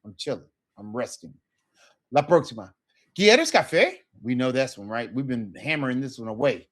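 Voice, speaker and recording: A man's voice: medium pitch, fairly quick, a little mellow. A man teaching a casual Spanish lesson, talking loosely and checking in with "right?" as he acts out sample phrases.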